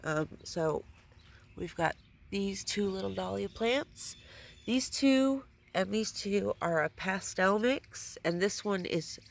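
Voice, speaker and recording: A woman's voice: mid-range voice, animated, takes it slowly, vocal fry. A woman giving a casual, chatty gardening vlog outdoors in her front yard, swearing at times, filmed on a handheld phone. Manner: chatty, swears when annoyed. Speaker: vlogger.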